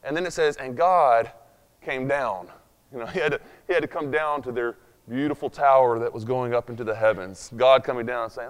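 A man's voice: mid-range voice, fairly quick, clear, resonant tone. A man preaching a sermon in a conversational way, with sarcastic asides and frequent fillers, before a room of listeners. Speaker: pastor. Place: church hall with long reverb. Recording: echoey hall recording.

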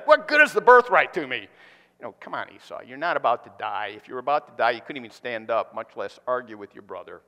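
A male pastor preaching a sermon, animated, swinging from loud emphatic bursts to quiet, hushed points. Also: medium pitch. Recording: reverberant hall.

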